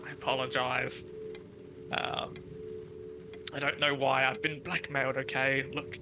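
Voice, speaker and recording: A man's voice: medium pitch, flat delivery, a little slow, close to an everyday voice. A man voicing a nervous burglar who is caught in the act and apologizes in a tabletop game. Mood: flustered. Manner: flustered, apologetic. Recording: music clearly playing behind.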